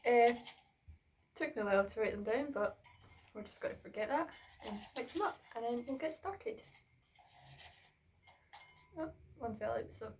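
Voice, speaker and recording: Chatty and rambling, with fillers and frequent pauses, a young woman records a casual Q and A vlog on her phone in her bedroom, a bit out of breath. Her fairly high, slightly mellow voice has lively intonation at normal speed, with slight background noise.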